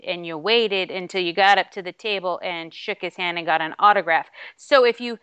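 Woman, podcast co-host, casual chatty storytelling, smooth clear voice, dry sound. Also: mid-range voice, pushed and bright, dry recording. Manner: rambling, chatty storytelling with many fillers. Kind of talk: casual chat.

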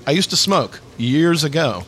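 A man's voice: fairly high pitch, big pitch swings, normal speed, fairly bright tone. A man co-hosting a casual radio chat show from a cafe, talking in a rambling, jokey way.

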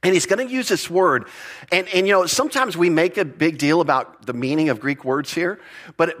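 A man's voice: fairly high pitch, a bit bright. Man teaching Bible, conversational. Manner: conversational, repeats words, asks audience questions. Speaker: pastor.

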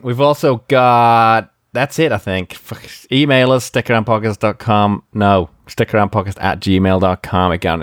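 A man putting on an impression of a crude, boastful older politician, rambling slowly and swearing while reading out plugs. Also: lowish voice, no echo, clean studio sound, natural voice. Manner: slow, rambling, swearing, self-interrupting.

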